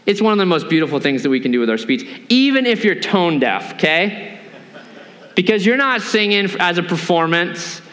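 Man, pastor, high voice, casual animated sermon, acted asides, long hall reverb. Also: normal speed.

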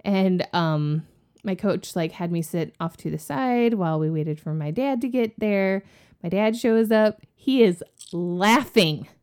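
A woman in her forties, a podcast cohost, telling a story in a casual, animated way and acting out what people said. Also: medium pitch, unhurried, clean tone. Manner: animated, acts out quoted voices with gasps.

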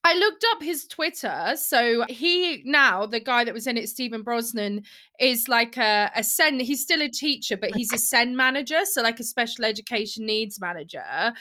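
High, bright-voiced woman chatting. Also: moderate pace. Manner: animated, rambling storytelling. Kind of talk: casual chat.

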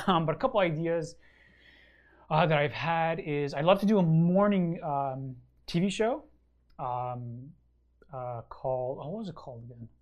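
A man's voice: on the high side, a little slow, lo-fi sound. A man co-hosting a casual wargaming chat show, answering a listener's question in a rambling, enthusiastic way full of ums and uhs. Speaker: regular co-host of a wargaming show.

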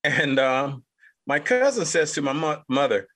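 Bright-voiced fifties man telling a story. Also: a little high, very animated, unhurried. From North Carolina, United States. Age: 50s. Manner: rambling, repetitive, chuckling anecdotal delivery. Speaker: podcast host. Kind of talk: casual storytelling monologue.

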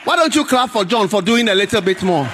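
A man preaching a sermon in an animated, pleading way, often breaking into shouts. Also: high-pitched, fast talker, background noise. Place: large church hall with congregation. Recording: church hall reverb, live crowd.

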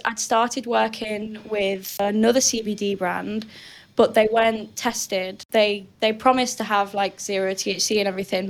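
A young woman with a northern English accent, a guest on a casual podcast interview who talks in a chatty way, full of fillers and restarts. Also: medium pitch. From Britain. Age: young adult. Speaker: guest athlete.

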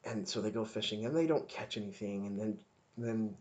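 A podcast devotional speaker gives an informal, earnest talk, often stopping and restarting his sentences. His voice is fairly low and darkish in tone, and he talks fairly quickly.

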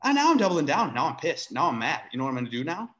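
A man's voice: on the high side, rapid-fire. Ranting, exasperated man on a podcast. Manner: animated, exasperated ranting with sarcastic asides; swears freely. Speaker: podcast co-host. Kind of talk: casual sports chat.

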